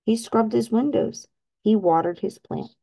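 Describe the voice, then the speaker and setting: A woman hosting a children's read-aloud, pausing to ask young listeners questions in a teacherly way. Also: on the high side, creaky, mellow, rough recording. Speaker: children's story reader, channel host.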